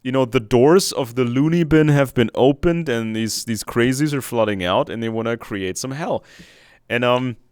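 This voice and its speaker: This is a man talking in a video call. His voice is smooth and resonant, sitting at a mid pitch, and he stops mid-sentence to search for words. The recording is dry and close, with no room sound. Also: moderate pace, a little mellow, no echo.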